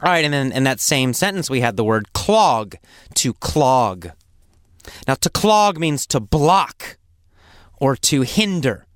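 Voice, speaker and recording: A man teaching English vocabulary, explaining words slowly and patiently, repeating phrases and acting out examples. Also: medium pitch, very animated, dry recording, clean studio sound. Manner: acts out coughs and sample phrases.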